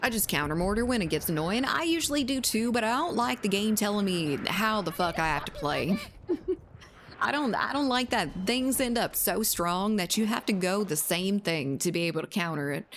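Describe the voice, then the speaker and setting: A Southern US woman talks casually to her chat while she plays. Her pitch swings widely and she rambles through fillers and the odd curse, with faint noise in the background. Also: expressive, moderate pace, fairly bright tone. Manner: rambling and hesitant, with frequent fillers and casual swearing. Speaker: game streamer. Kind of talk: casual live-stream chat.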